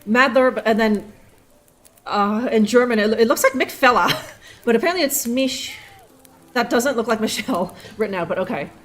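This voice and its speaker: A woman's voice: fairly high pitch, moderate pace, soft background music. A woman streaming a detective game live, rambling and laughing as she sounds out German words with frequent curses. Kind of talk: casual live gameplay commentary.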